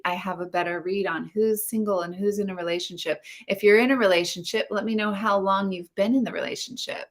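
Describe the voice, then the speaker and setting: A woman's voice: mid-range voice, fairly bright tone. A woman coaching about relationships and intimacy in an earnest, spiritual way, speaking straight to viewers of a live stream.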